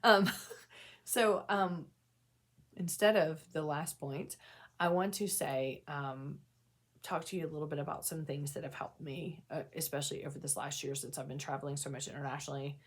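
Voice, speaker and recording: A woman's voice: low-pitched, fairly even intonation, normal speed, breathy edge. A woman vlogger talking candidly to camera about her own experiences, earnest and self-deprecating, often restarting sentences and adding asides. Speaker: mental health vlogger sharing personal experience. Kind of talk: candid casual talk to camera.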